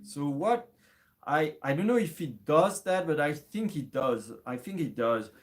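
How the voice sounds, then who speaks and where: A man's voice: on the high side, lively intonation, a little slow. A man giving a casual music lesson, thinking aloud, hesitating and restarting with many fillers. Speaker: music teacher.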